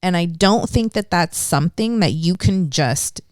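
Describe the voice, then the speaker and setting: A woman co-hosting a podcast in casual chat, often hesitating and filling pauses as she talks. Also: lowish voice, expressive, no echo, studio quality. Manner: hesitant, full of "like" and restarts. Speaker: podcast co-host.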